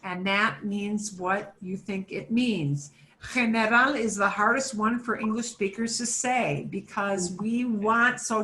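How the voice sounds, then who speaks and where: An American woman teaching a beginners' Spanish class, slowly and patiently saying words for learners to repeat. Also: medium pitch, pushed and bright, roomy sound. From United States. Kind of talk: classroom pronunciation lesson.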